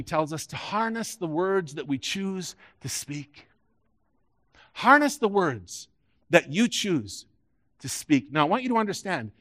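A man preaching a sermon as pastor, rising loud and high on key points and dropping quiet for emphasis. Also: no room sound, studio quality.

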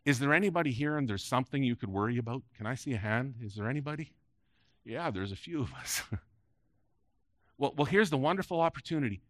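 A man's voice: medium pitch, fairly bright tone, dry recording. Emphatic male preacher, dry close sound. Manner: emphatic preaching with rising peaks and dropping phrase ends. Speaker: pastor. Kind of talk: sermon. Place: church sanctuary before a congregation.

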